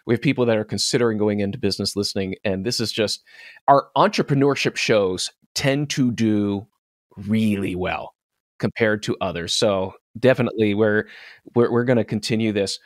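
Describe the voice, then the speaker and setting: A man's voice: on the low side, normal speed, no echo, studio quality. A man hosting an interview podcast in a casual, enthusiastic way, laughing often. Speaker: podcast host.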